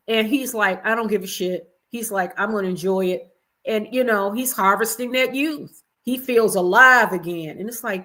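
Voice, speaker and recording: A woman hosting an evening livestream, giving chatty, expressive commentary and talking straight to her viewers. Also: mid-range voice. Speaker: livestream host. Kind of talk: casual commentary chat.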